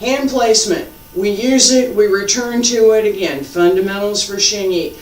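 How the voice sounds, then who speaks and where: A martial arts teacher giving a live lesson and demonstrating moves, patient and repetitive, joking at his own expense. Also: medium pitch. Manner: slow, patient, repeats key points, self-deprecating humor. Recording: echoey room, mic far off.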